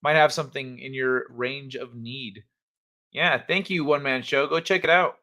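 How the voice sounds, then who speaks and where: A man's voice: medium pitch, moderate pace, pushed and bright. A man hosting a casual livestream, chatting with viewers in a laid-back, hesitant way with many fillers. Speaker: livestream host.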